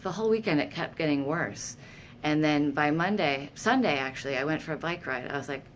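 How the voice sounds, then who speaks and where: Low-voiced woman telling candid stories. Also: a little fast, slight background noise. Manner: candid, self-deprecating, animated when quoting herself. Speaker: vlogger sharing personal stories. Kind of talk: casual storytelling to camera.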